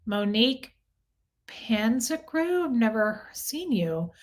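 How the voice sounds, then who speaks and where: A woman from Omaha, United States, hosts a casual livestream, reading viewer comments aloud and answering them candidly and confessionally while swearing freely. Her voice is a little high, with big pitch swings and a slow pace.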